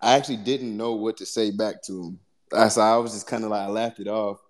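A man, a guest musician, talking casually about his music in a reflective, halting way. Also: lowish voice, steady tone. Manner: reflective, halting, searching for words. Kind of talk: casual conversation.

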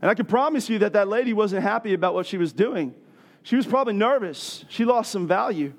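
A middle-aged man preaching a sermon as pastor, animated and building to loud rhetorical questions. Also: high-pitched, a little fast.

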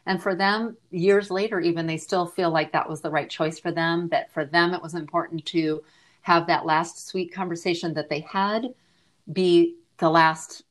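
Her voice is fairly low and even, moving at an ordinary speed. She's a middle-aged woman and grief advocate guesting on a podcast, sharing her own story with earnest reflection. Now and then she softens almost to a whisper.

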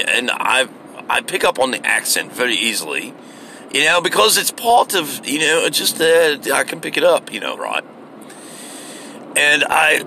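Very bright-voiced rambling American man. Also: medium pitch, slight background noise. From United States. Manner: rambling, meandering, many fillers, swearing. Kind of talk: rambling casual monologue.

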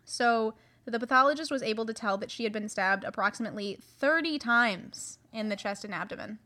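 A woman's voice: a little high, fairly quick, sharp tone. Chatty young woman on a podcast. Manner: chatty, many likes and restarts. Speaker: true crime podcast co-host. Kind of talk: casual chat. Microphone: podcast mic.

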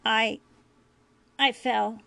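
A woman's voice: fairly high pitch, animated, normal speed, vocal fry, dry recording, pitched above the performer's own voice. A woman voicing a worried, nervous teenage boy in a storybook reading. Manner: nervous, stammering.

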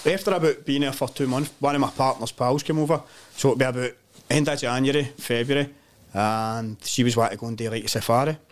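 A man's voice: mid-range voice, fast talker. Sweary Scottish man telling travel stories. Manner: sweary, animated anecdotes, frequent "mate" and "man". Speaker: podcast guest. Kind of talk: casual storytelling chat.

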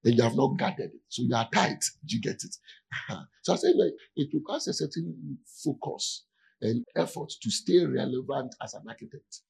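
Gravelly-voiced pastor. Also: male voice, mid-range voice, animated, moderate pace, a little mellow, low-quality recording. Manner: keeps checking in with listeners. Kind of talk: conversational sermon.

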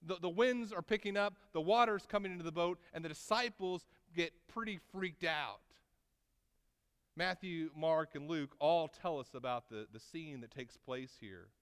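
A man preaching a sermon, swinging between loud, emphatic lines and quiet, drawn-out asides. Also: on the high side, clear, resonant tone, long reverb tail. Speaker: pastor.

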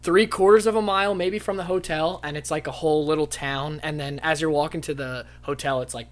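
A man's voice: on the high side, steady tone, a little fast. A man co-hosting a casual podcast, blunt and swearing as he tells stories. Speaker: podcast co-host.

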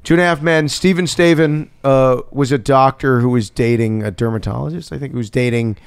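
A middle-aged man telling stories with quick, animated asides in a casual podcast chat. His voice is smooth and clear, set at an everyday pitch. The sound is dry and close, with no room around it. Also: dry recording. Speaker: guest actor.

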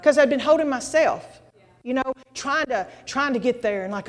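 A woman preaching a testimony sermon to a congregation, folksy and animated, with exclamations and asides. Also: sits high, moderate pace. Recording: long hall reverb.

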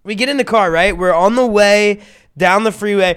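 A man's voice: sits high, a little fast, fairly bright tone, clear, resonant tone. A young man hosting a casual podcast chat, telling stories animatedly, acting out quotes and swearing freely. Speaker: podcast host.

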